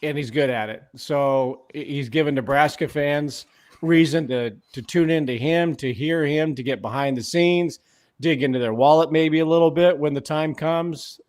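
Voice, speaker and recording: A man argues a sports point on a talk show, slightly higher in pitch than most men. He builds his case by repeating phrases, with an occasional uh or um. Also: darkish tone. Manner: measured, emphatic, repeating points with fillers. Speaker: sports radio co-host.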